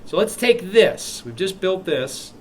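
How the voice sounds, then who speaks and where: A man with a slightly higher voice teaches a software class in a classroom, talking students through each step. He keeps it chatty and throws in joking asides. Faint room noise sits under his voice. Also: big pitch swings, unhurried. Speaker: instructor. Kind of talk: live classroom software demo.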